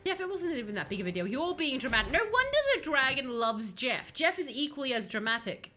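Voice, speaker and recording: A woman streaming a video game, chatting excitedly and talking to the characters on screen. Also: high voice, fairly quick. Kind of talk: live gameplay commentary.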